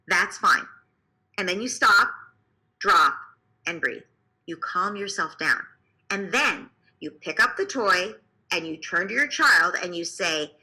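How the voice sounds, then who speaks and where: A woman clinical psychologist explaining parenting to listeners in an animated way, asking them to imagine scenes. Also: medium pitch, measured pace, rough recording. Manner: animated, often acts out quoted speech.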